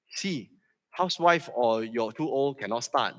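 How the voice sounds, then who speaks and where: A man with a Malaysian English accent giving a lively live seminar talk, quizzing the audience and tagging lines with "okay?". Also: mid-range voice, normal speed. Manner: energetic, quizzes the crowd, tags lines with "okay?". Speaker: seminar speaker.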